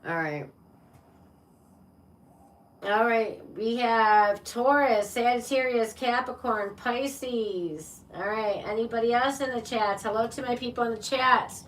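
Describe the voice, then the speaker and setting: A woman hosts a casual tarot stream and talks to her viewers in an unhurried, affectionate way. Her voice sits a little high and she laughs easily. The mic is some distance away, and a faint background hum runs under her speech. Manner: chatty and playful, laughs often, talks to viewers as "my love" and "baby". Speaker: tarot reader.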